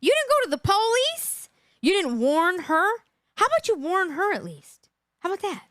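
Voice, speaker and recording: A woman's voice: very high-pitched, big pitch swings, normal speed, fairly bright tone, no room sound, studio quality. A woman hosting a live true crime reaction, indignant and emphatic, repeating her points for effect.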